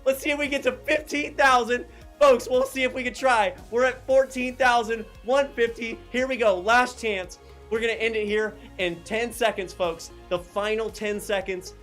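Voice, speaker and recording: A man hosting a live fundraising appeal, calling out donors and amounts with excited shouts. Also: very high voice, normal speed, soft background music. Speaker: fundraising auctioneer host.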